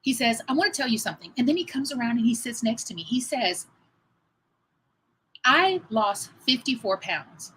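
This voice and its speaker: A woman in her fifties, a fitness trainer hosting a livestream, telling a story in a chatty, animated way and talking straight to her viewers. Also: a little high, fast talker, few pauses, slight background noise, poor audio.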